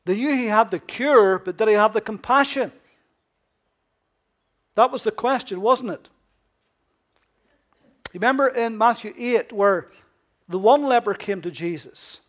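A man preaching a sermon with emphasis, asking rhetorical questions and swinging between loud and hushed delivery. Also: high-pitched, unhurried, pauses often.

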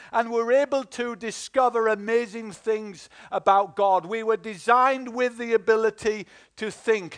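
A man's voice: very high-pitched, a bit bright. A man with a Northern English accent preaching a Pentecostal-style sermon, exhorting the congregation with frequent fillers and call-and-response prompts. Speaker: pastor.

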